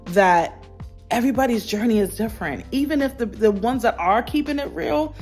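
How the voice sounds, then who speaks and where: Talking candidly to her camera, this lifestyle vlogger is earnest and reflective and repeats phrases to stress them. Her voice is on the high side with a darkish tone, animated and at a moderate pace, over faint background music.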